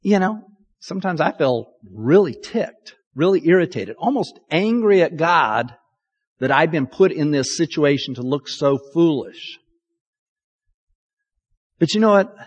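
High, lively-voiced pastor preaching. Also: male voice, a little slow, slightly rough, dull audio. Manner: candid, self-deprecating and chatty. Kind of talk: conversational sermon. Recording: long reverb of a large hall.

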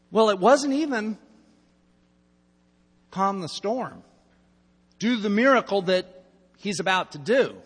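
A male pastor preaching a sermon, telling the story with asides and swinging between loud and hushed delivery. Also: high voice, husky. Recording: long hall reverb.

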